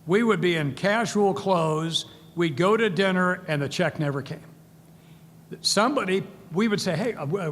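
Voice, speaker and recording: A man's voice: high-pitched, normal speed, fairly bright tone, a little hiss or hum. An older man giving a speech as keynote speaker, telling stories and acting out the voices of people he quotes. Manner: storytelling, acts out quoted voices. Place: large event hall. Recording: long hall reverb, faint ambience.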